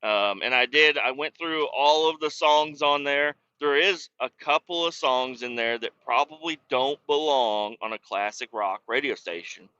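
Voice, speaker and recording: A man's voice: medium pitch, moderate pace, hardly any pauses, sharp tone, smooth, dry recording. A man hosting a podcast, telling a casual, profane, rambling story in a worked-up way. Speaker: podcast host. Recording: dull lo-fi recording.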